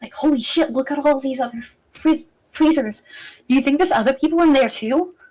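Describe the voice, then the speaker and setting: A woman puts on a frightened young man who pleads in a rush, tripping over his own words. His voice sits a little higher than everyday talk, and he stays jittery and pressing throughout. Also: a little mellow, rough recording. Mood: panicked. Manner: urgent, rushed, stumbling over words.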